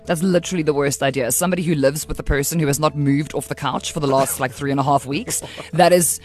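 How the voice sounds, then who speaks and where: A woman's voice: low voice, steady tone, quick pace, faint music behind. A woman, hosting a radio show and bantering playfully with a sassy, mock-offended manner. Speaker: radio host.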